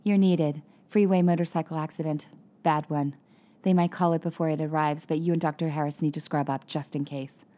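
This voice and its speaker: A woman voicing a brisk female hospital nurse who speaks in short, clipped sentences. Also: deep voice, fairly even intonation, warm tone, natural voice.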